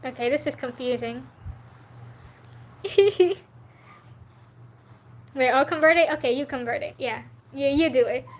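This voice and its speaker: A woman's voice: high voice, unhurried, long pauses, poor audio. A young woman streaming her artwork, chatting casually with viewers, answering their comments and laughing easily. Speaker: artist streaming a drawing session.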